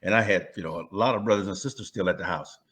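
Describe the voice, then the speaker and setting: A man in his sixties from California, a former pro football player, telling stories in a casual interview. His delivery is animated, with frequent restarts and chuckles. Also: sits low, fast talker.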